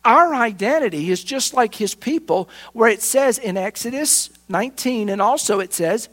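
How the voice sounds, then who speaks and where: A man preaching a sermon, emphatic, often breaking in with "listen" and slowing down on key phrases. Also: very high voice, expressive, a bit bright. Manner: emphatic, repeats "listen" to press points. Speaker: pastor. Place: church sanctuary.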